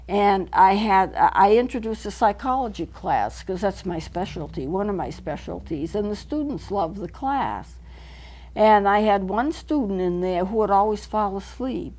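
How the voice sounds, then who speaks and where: A middle-aged woman counselor talks from a local TV studio. She explains each idea earnestly, going back over it so the point lands. Her voice sits at an ordinary middle pitch. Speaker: counselor hosting a local TV show. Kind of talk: teaching talk to camera.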